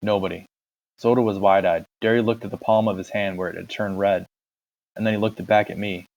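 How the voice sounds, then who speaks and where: Low-voiced man reading a novel aloud. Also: fairly even intonation, brisk, gravelly, a little mellow, muffled recording. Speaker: audiobook reader.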